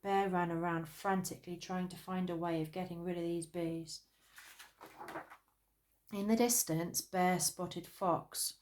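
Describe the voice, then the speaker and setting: A woman narrating a children's storybook in an expressive storytelling manner. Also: on the low side, takes it slowly.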